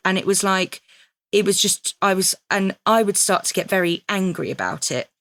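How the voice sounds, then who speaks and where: A woman in her thirties with a lowish voice speaks candidly in a conversational interview. She reflects openly on herself and slips into quoting her own past thoughts, and the recording is dry and close. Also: brisk, a bit bright, no room sound. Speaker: podcast guest.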